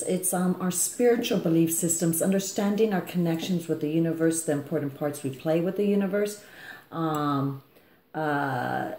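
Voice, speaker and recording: A woman's voice: deep voice, mellow. A woman astrologer and life coach giving a casual forecast. She rambles and keeps checking in with her listeners by asking "okay?". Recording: echoey room.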